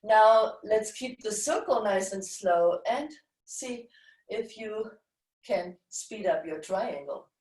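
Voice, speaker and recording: Slow-spoken woman teaching dance, echoey. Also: mid-range voice, animated, darkish tone. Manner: slow, guiding cues with chanted rhythm syllables. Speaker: dance instructor. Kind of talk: live-streamed dance class instruction. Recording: roomy echo, voice from far off the mic.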